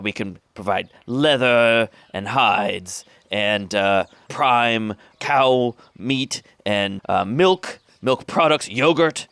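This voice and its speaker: A man voicing a female orc cattle herder who speaks formally and rambles, with hesitant pauses. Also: medium pitch, fairly bright tone, no room sound. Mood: condescending, persuasive.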